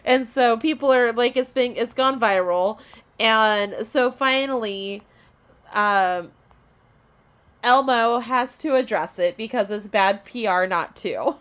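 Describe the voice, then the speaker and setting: A woman co-hosting a podcast, telling a story in casual chat, giggling often and acting out lines in a squeaky voice. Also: takes it slowly, a bit bright. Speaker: podcast co-host.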